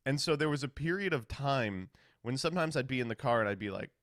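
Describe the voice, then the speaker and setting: A male streamer chats with his viewers in a sardonic, profane way. His pitch swings all over the place, and the sound is close and dry with no room echo. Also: lively intonation, fast talker, fairly bright tone. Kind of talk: casual chat reading viewer questions.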